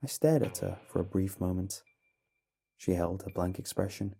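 A man narrating a horror story in a measured, dramatic way over a faint music bed. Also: low-pitched, vocal fry, dark tone, breathy edge.

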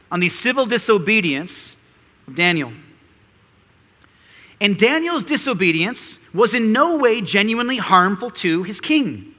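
Bright-voiced male pastor in a reverberant church. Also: high-pitched. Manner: earnest teaching, rhetorical questions to the congregation. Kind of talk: expository sermon with scripture reading.

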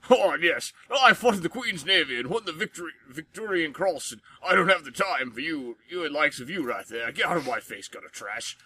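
An American man putting on a put-on posh British accent to play a haughty, grizzled old navy general who is gruff and contemptuous. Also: a little high, expressive, brisk, few pauses, bright, forceful tone, pitched above the performer's own voice, full character voice. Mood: scornful.

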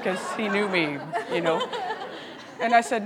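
A woman teaching a Bible study, telling a story with lively laughs and asides. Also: medium pitch, moderate pace, long pauses, over a noisy crowd, very noisy. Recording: long hall reverb.

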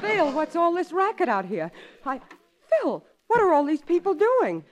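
A woman's voice: very high-pitched, wildly swooping pitch, normal speed. A woman co-starring in a 1940s radio comedy, exasperated and scolding. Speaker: co-star playing the wife. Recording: hissy old radio broadcast.

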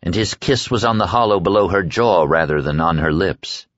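A male audiobook narrator with a very deep, low voice, reading in a measured and steady way. The recording is dull and lo-fi, completely dry with no room sound, and it stays close to the mic. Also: dry recording. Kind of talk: scripted narration.

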